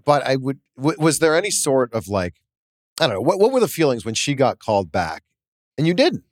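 A man's voice: mid-range voice, very animated, brisk, dry recording, studio quality. A man from Canada hosting an interview, easygoing, asking questions and affirming his guest. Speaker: interview host. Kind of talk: casual interview chat.

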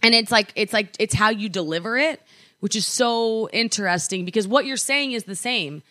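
Young female podcast co-host, crisp and bright, rambling casual chat in a dry room. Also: medium pitch, normal speed, no room sound. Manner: chatty, lots of likes and restarts. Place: apartment.

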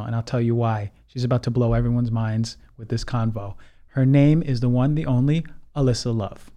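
A man's voice: mid-range voice, steady tone, brisk, over music. A man hosting a podcast, talking casually and reviewing products, repeating himself with fillers. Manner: chatty, repeats words, many fillers. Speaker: podcast host.

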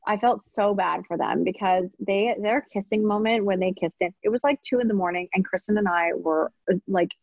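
A young actress chatting in an interview, telling stories in a giggly, animated way. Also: female voice, mid-range voice, normal speed, gravelly, few pauses, dry recording, highs cut off. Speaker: actress interviewed about a series. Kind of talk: casual interview chat.

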